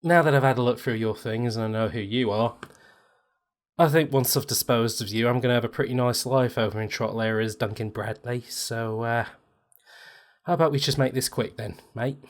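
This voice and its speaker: A man voicing a menacing male impostor who steals faces, speaking low and threatening. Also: moderate pace, natural voice. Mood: calm menace.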